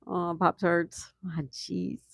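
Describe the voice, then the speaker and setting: A man's voice: high voice, monotone, slow, vocal fry, a bit bright, dry recording. A man hosting a casual livestream, reading viewer comments aloud and reacting with easy laughs. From United States. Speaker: livestream host reading chat. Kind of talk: casual live chat.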